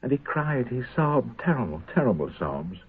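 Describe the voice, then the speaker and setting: An actor playing a haunted prisoner who makes a halting, intense confession to his comrades in a 1970s radio drama. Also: mid-range voice, big pitch swings, slightly rough, exaggerated voice. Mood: grim. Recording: tinny lo-fi old radio broadcast.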